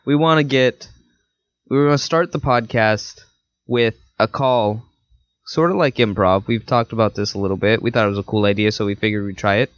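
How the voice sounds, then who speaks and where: A young man co-hosting a podcast in casual chat, lively and quick to laugh. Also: lowish voice, dry recording. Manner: lively, laughs easily, plays put-on voices. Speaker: podcast co-host. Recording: dry, dull lo-fi mic sound.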